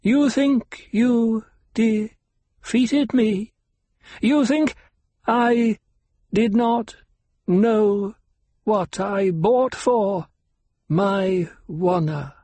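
A man reading an audiobook, voicing a broken but defiant old male doctor who speaks in a strained, oddly measured cadence. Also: high voice, expressive, a little mellow, husky, no room sound, voice pushed up, heavily acted.

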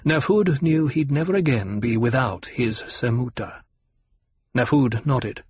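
A man narrating an audiobook in a measured way, slowing on descriptions. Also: medium pitch, husky, dry recording. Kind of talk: scripted narration.

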